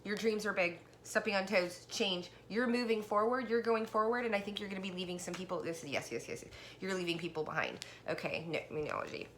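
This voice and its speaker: A woman giving a casual tarot reading, chatty and excited, talking straight to the viewer and a little out of breath. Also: on the low side, quick pace, slight background noise. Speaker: tarot card reader.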